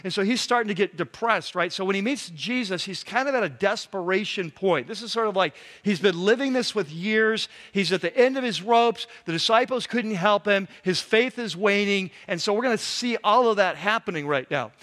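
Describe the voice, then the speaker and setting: High-voiced man preaching conversationally. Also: moderate pace, few pauses, fairly bright tone. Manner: conversational preaching with many asides and "right?". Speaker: pastor. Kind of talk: sermon.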